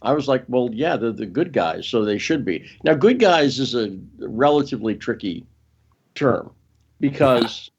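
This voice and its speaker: A man's voice: mid-range voice, very animated, a little slow, a little mellow, breathy edge, highs cut off. A man as an interview guest, talking casually and emphatically, often restarting and correcting himself.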